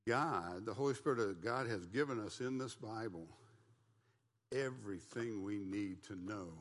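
Older man teaching in a reverberant church. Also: medium pitch. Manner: folksy, joking, asks the class questions. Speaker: Bible study teacher. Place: church meeting room. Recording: long hall reverb.

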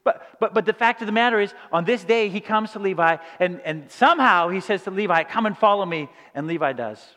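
Male pastor, sermon, high voice, animated storytelling, frequent restarts, long hall reverb. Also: brisk, few pauses.

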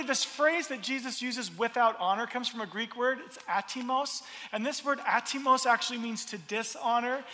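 A man preaching a sermon, expressive and repeating his words as he builds each point. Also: extremely high pitch, long reverb tail. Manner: expressive, acts out crowd voices, repeats words. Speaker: pastor.

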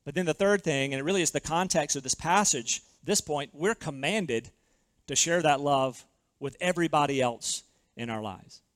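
High-voiced earnest male preacher. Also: normal speed, no room sound. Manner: earnest, emphatic preaching with repeated phrases. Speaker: pastor. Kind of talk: sermon.

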